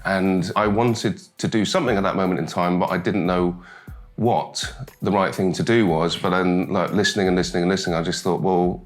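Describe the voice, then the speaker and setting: A man's voice: low voice, steady tone, a little fast, faint music behind. A British man, a talk show guest, chatting casually and rambling with lots of "you know" and "like". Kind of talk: casual chat.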